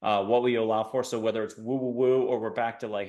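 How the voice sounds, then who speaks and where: A man's voice: on the low side, fairly even intonation, fast talker, darkish tone. Joking man hosting in an echoey room. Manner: jokey, rambling, tells dad jokes. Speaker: podcast host. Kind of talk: casual video-call interview.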